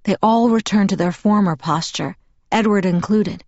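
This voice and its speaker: A woman reading a novel aloud in first person as an audiobook narrator, in a measured, even storytelling manner. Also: mid-range voice, no echo, highs cut off.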